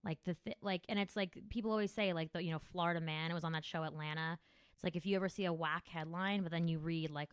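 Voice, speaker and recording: A comedian from New Jersey hosts her podcast in loose, foul-mouthed chat, hopping from one tangent to the next. Her voice sits a little low for a woman and is recorded close and dry. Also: fast talker, clean tone, dry recording. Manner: profane, rambling, animated storytelling.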